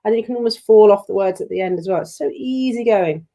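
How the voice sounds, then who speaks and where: A British woman leading an online choir rehearsal, explaining phrasing gently and singing short lines to demonstrate. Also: mid-range voice, fast talker. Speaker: choir leader.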